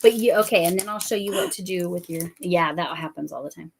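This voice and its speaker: A woman's voice: fairly low pitch, fast talker, vocal fry, a little hiss or hum. A middle-aged woman from the United States hosting a casual crafting chat, rambling and laughing often. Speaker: host, crafter.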